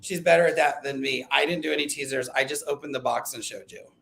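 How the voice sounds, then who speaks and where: A man hosting a casual live stream chat, talking in an excitable, rambling way and often breaking off mid-sentence. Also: mid-range voice, quick pace, vocal fry. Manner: chatty, excitable, self-interrupting. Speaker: livestream host.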